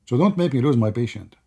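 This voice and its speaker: A man's voice: mid-range voice, mellow. A man hosting a live debate stream, talking in a sarcastic, laughing, sing-song taunting way, nearly losing his voice after hours of talk. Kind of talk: mocking live debate chat.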